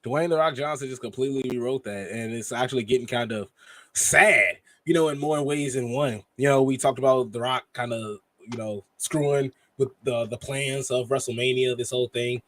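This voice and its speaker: A man co-hosting a wrestling reaction podcast, chatting casually in an animated way that breaks into laughs and restarts. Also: mid-range voice, dry recording. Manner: animated, quick laughs and self-interruptions. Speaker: podcast co-host.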